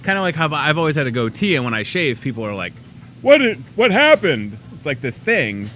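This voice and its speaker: A man's voice: mid-range voice, fast, a little hiss or hum. A man hosting a live daily talk show, joking around in casual chat with his guests. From Chicago area. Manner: jokey, playful, animated.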